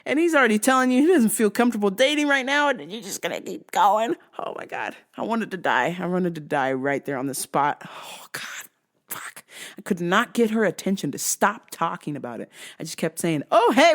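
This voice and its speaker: A woman hosting a vlog, telling stories in an animated, profane and exasperated way. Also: medium pitch, brisk. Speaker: host.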